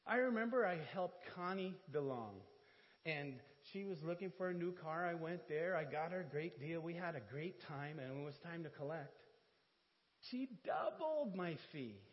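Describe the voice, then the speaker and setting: A man giving an animated sermon testimony in church, telling stories with laughs and self-deprecating asides. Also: on the high side, moderate pace. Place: church hall. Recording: dull church hall audio with reverb.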